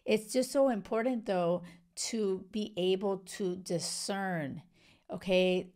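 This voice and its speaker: A woman's voice: medium pitch, takes it slowly, a little mellow. A young woman hosting a casual talk about a reality show, effusive and chatty, with many fillers and restarts. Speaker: host. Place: lives in Spain.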